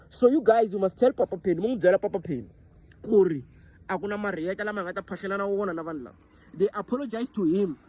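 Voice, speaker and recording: A man's voice: sits high, quick pace, mellow, highs cut off. A South African man whose first language is Xitsonga, giving an impassioned, repetitive monologue to camera that keeps asking if the listener understands. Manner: impassioned, repeating himself and asking "do you understand?". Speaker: social media commentator.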